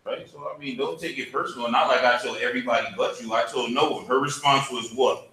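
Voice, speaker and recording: Leading a Bible class at church, this man talks quickly in a steady, bright, and forceful medium-pitched voice. He keeps things casual and conversational, often quizzing the group. The recording has heavy room echo and a faint hum.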